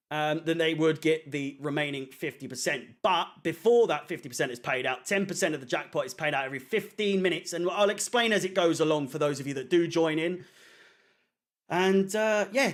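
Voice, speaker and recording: A man talks casually to a live chat, loose and rambling with plenty of ums. His voice sits a little high for a man. He swears offhandedly as he goes. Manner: rambling, chatty, swears casually, many fillers. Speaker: fan channel watchalong host. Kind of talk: casual live-stream chat reading comments.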